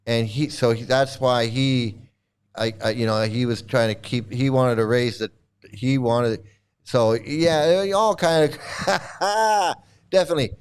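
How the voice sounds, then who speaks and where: A man's voice: medium pitch, fairly even intonation, slow pace, clean tone. A man giving casual video commentary, sarcastic and rambling with many restarts.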